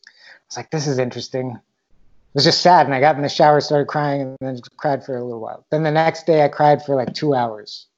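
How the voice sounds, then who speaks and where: A man's voice: medium pitch, steady tone, fairly quick, a little mellow, lo-fi sound. A man candidly recounting a personal story in a reflective, casual way, swearing now and then.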